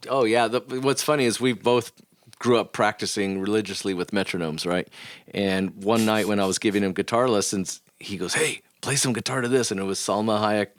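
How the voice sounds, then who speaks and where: A man, a guest musician, telling stories in a casual interview in a recording studio, laughing and quoting people in a raised pitch. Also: fairly even intonation, fairly quick, no room sound.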